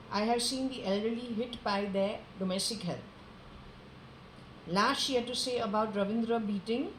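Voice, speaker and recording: A woman's voice: on the high side, a little hiss or hum. A woman with an Indian English accent, an occultist talking in a rambling monologue that turns into angry insults. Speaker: self-described occultist. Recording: echoey room.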